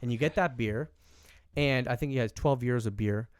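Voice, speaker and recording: A young man from Canada telling a story in casual podcast chat, rambling with many fillers and animated quoting. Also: mid-range voice, moderate pace, clear, resonant tone, no room sound, studio quality. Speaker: podcast host.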